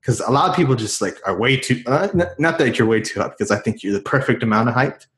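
A man's voice: mid-range voice, expressive, quick pace, a bit bright. A man in casual podcast chat, laid-back and rambling, with many fillers and restarts.

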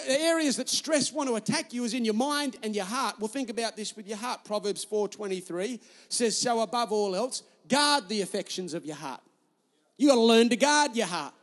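Male pastor, very high voice, emphatic repetitive preacher telling stories. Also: long reverb tail. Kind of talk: sermon.

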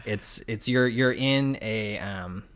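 Rambling, animated man in casual chat. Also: fairly low pitch, slow. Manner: rambling, lots of "like" and restarts, animated retelling.

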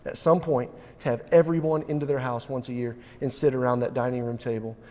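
A man's voice: mid-range voice, steady tone, fairly quick, mellow. A man preaching a sermon in a church, earnest, building to urgent emphasis, with frequent restarts. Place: church sanctuary. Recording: long hall reverb.

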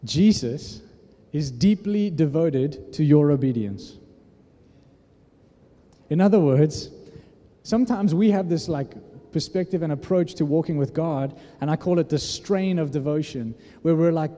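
High-voiced preacher man in a reverberant hall. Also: a little slow, warm tone. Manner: earnest, conversational preaching with frequent restarts. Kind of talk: sermon.

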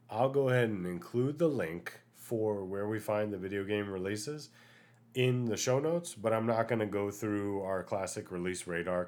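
A podcast host with a lowish voice chats casually on his solo show, ranting animatedly and using lots of fillers. He is recovering from an illness.

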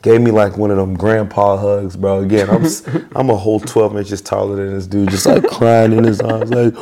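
A young man, a podcast guest and worship leader, telling a story casually in an animated, slangy way. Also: lowish voice, normal speed.

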